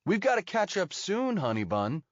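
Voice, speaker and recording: A sneering American thug with a taunting, mocking edge, as a male narrator puts him on. His voice rides noticeably high and thin. The audiobook audio is dull and lo-fi in a dead, dry space. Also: huge pitch swings, moderate pace, dry recording. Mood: leering.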